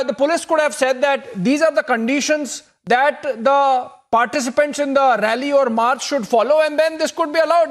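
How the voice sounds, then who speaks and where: A man, a news anchor moderating a live debate, probing guests with hesitant fillers. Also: very high-pitched.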